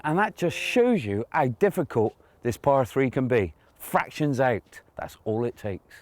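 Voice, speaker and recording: A man reporting outdoors on a golf course, explaining a hole in a lively, hands-on way while he plays a shot. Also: mid-range voice, unhurried, no echo. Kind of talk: on-course demonstration and commentary.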